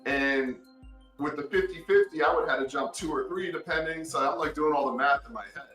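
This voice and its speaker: A man guest on a podcast, casually recounting events and acting out quoted lines with sudden jumps in pitch. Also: brisk, reverberant, distant mic, faint music behind, poor audio. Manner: animated, acts out quotes with big pitch jumps. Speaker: podcast guest, former contestant. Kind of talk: casual storytelling.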